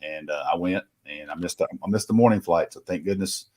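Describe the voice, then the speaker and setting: Middle-aged male reporter, very deep voice, rambling storyteller. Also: fairly quick, darkish tone. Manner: rambling anecdotal with quoted dialogue. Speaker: recruiting reporter. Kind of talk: casual storytelling.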